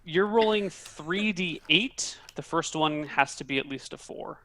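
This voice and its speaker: A woman running a tabletop game as game master, explaining rules briskly and swearing casually. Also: low voice, fairly bright tone, a little hiss or hum.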